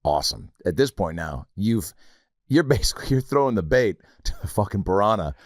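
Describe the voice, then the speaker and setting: A man hosting a comedy podcast in casual chat, who swears freely, laughs loudly and retells stories with animation. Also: lowish voice, very animated, fairly quick, no room sound, clean studio sound. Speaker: podcast host. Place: podcast studio.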